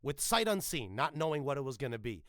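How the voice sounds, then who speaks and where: Bright, emphatic male voice actor. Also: mid-range voice, fast talker, no echo, clean studio sound. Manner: animated, emphatic, swears freely. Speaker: voice actor guest. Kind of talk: casual interview chat.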